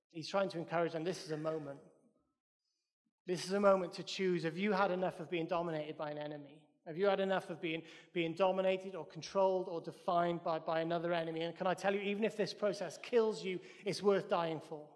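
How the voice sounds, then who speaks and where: A man's voice: sits high, steady tone, fairly quick, long reverb tail. A Welsh man preaching a sermon in a church, emphatic and repeating his phrases in threes.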